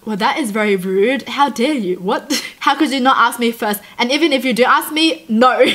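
A woman's voice: fairly high pitch, animated, normal speed, fairly bright tone. A woman hosting a casual reaction video, bubbly and giggly, with playful mock outrage. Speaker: YouTube reaction host.

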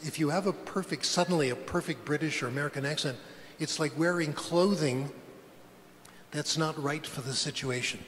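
Older man lecturing in a big hall. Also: on the high side. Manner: plain, conversational lecturing with pointed asides. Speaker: conference plenary speaker. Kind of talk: lecture to language teachers. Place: large conference hall. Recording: long hall reverb, faint background noise.

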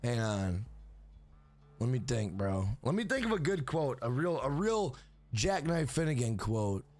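Lively, profane male game streamer. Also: medium pitch, measured pace. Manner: loose, profane, talks to chat. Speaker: game livestreamer. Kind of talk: casual livestream chat.

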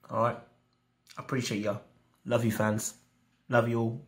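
A man's voice: mid-range voice, flat delivery, normal speed. A man reviewing snacks on his vlog, talking casually with slang and theatrical, exaggerated outrage. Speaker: food reviewer.

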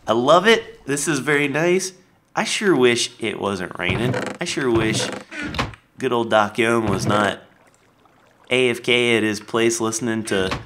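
A man chats his way through a game build, slow and unhurried. His pitch swings up and down all the time, and keyboard typing clicks behind him. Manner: chatty, lively, talks while building. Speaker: Minecraft let's player. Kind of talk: casual gameplay commentary.

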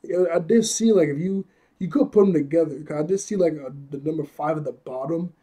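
A man's voice: fairly high pitch, fairly quick, warm tone, husky. A man casually recapping an anime episode, rambling, chuckling often and correcting himself as he goes.

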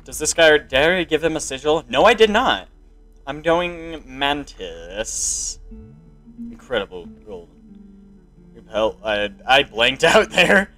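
A man giving casual, excitable commentary while playing a card game, reading its text aloud and exclaiming at the plays. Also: a little high, a little slow, faint music behind. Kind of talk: casual let's-play commentary.

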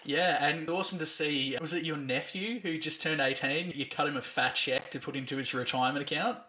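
A man's voice: fairly high pitch, steady tone, brisk, bright, forceful tone. An Australian man hosting a podcast interview, matey and enthusiastic, full of local slang. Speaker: podcast host.

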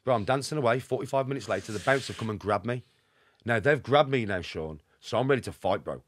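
A middle-aged man with a Birmingham accent, a podcast guest telling rapid, emphatic anecdotes and constantly checking in with the listener. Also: fairly low pitch, animated, no echo. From Birmingham, England. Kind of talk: casual storytelling.

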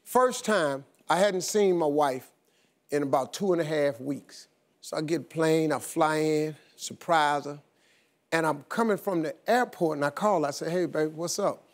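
A middle-aged man, a talk show host, telling a comic story in an animated, laughing way. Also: fairly high pitch, a little slow. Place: TV studio.

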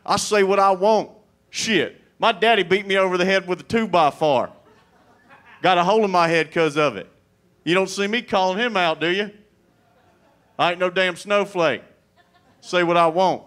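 A man acting out a brash, hot-tempered redneck who bellows every word in a combative drawl, pitched up well above an everyday voice. He sounds defiant and ready to pick a fight, the comedian putting him on in the middle of a stand-up set. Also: moderate pace, pauses often. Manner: shouting, belligerent drawl.

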